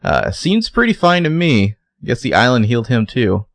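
A man's voice: mid-range voice, very animated, normal speed, vocal fry, no room sound. A man co-hosting a casual podcast, recapping a TV episode with jokey sarcasm and acted-out quotes. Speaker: podcast co-host.

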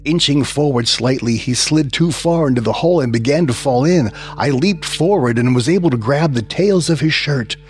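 A man's voice: medium pitch, moderate pace, few pauses, darkish tone, soft background music. A man narrating a scripted horror story in the first person, with dramatic storytelling.

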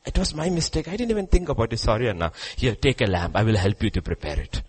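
A man preacher voicing a gentle younger brother who apologizes earnestly. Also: mid-range voice, lively intonation, fast, breathy edge. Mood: apologetic.

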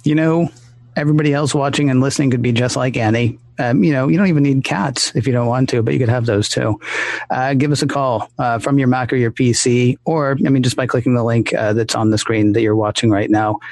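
A man's voice: mid-range voice, steady tone, brisk, a little mellow, no room sound. A man co-hosting a live show, chatting casually and rambling with restarts. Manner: rambling, self-interrupting. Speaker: podcast co-host.

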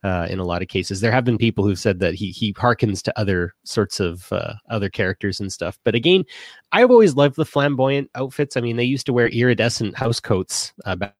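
A man's voice: on the low side, animated, a little fast, no echo, studio quality. A man from Canada co-hosting a casual live-stream show, chatty and laughing, with lots of fillers and restarts. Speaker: podcast co-host.

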